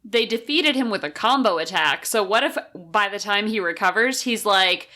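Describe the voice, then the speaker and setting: A woman's voice: mid-range voice, animated, moderate pace, sharp tone. A woman co-hosting a podcast, chatting casually about anime with playful, teasing banter. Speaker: podcast co-host. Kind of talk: casual chat.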